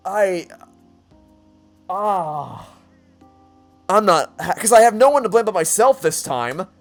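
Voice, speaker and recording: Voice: mid-range voice, very animated, moderate pace, soft background music. A let's play gamer giving emotional commentary, stammering often, getting exasperated and swearing.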